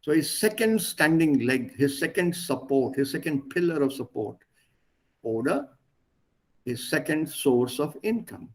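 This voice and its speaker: A man's voice: fairly high pitch, expressive, measured pace. A man teaching a language, reading a text line by line and then translating and explaining it.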